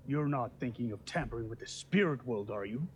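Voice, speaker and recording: A man's voice: medium pitch, animated, a little fast, natural voice. An actor playing a cautious male advisor in a series, speaking in a worried, questioning way. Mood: wary.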